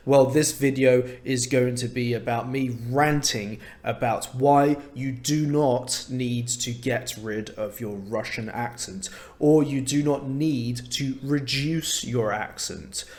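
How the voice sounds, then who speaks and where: A man's voice: medium pitch, slow pace, few pauses, darkish tone. A young man from London with a London English accent, hosting an English lesson and giving his opinion in an enthusiastic, emphatic way. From London, England. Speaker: English teacher, channel host. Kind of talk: casual opinion talk to camera.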